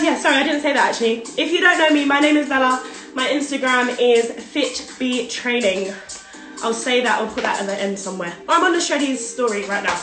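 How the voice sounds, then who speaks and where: A woman's voice: high voice, fairly quick, a bit bright, faint music behind. A young woman fitness instructor leading a live workout, counting reps and cheering people on while short of breath from exercising. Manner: upbeat and encouraging, calls out counts and cues. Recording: very echoey room, mic far off.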